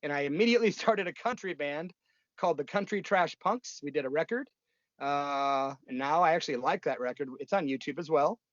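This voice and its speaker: Blunt, profane older rocker. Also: male voice, a little high, brisk, no echo, muffled recording. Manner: blunt, profane, rambling with many fillers. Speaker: punk musician guest. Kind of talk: casual interview storytelling.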